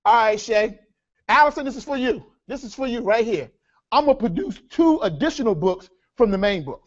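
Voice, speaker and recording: A man teaching a live workshop, energetic, calling the audience folks and asking them rhetorical questions. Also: very high voice, normal speed, muffled recording. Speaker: seminar speaker.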